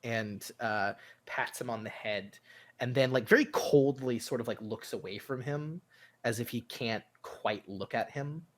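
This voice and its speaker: Halting, slow-talking man narrating a game. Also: mid-range voice. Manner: halting, with many fillers. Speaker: game master.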